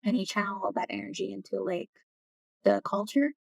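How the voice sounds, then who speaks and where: A woman, a community knowledge keeper, speaking softly in an interview and searching for her words. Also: medium pitch, moderate pace, gravelly, no echo. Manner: soft-spoken, searching for words. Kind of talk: casual interview talk. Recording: distant mic, dry room.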